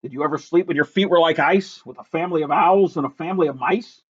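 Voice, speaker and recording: A man with a high voice reads a rhyming picture book aloud, bouncing along the rhythm in a lively sing-song. The recording sounds dull and lo-fi, with the top end rolled off. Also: quick pace, breathy edge. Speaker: reader.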